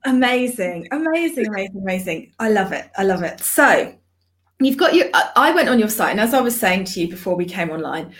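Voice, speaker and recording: A woman's voice: mid-range voice, animated, fairly quick, a bit bright. A woman hosting a podcast interview, effusive and full of praise, laughing easily. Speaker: podcast host.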